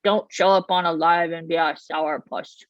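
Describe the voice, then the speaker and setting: A woman who works as a coach gives casual advice to camera. She talks loud and fast with lively energy. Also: low-pitched, no echo. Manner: loud, fast, animated talker who talks with her hands. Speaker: business coach. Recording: dull, slightly lo-fi, dry sound.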